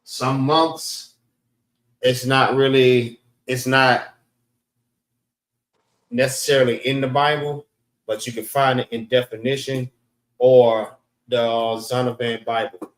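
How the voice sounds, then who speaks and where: A man teaching a class in a slow, repeating way, often saying "all right" and sounding out words. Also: medium pitch, flat delivery. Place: class room in a library. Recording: roomy echo, voice from far off the mic.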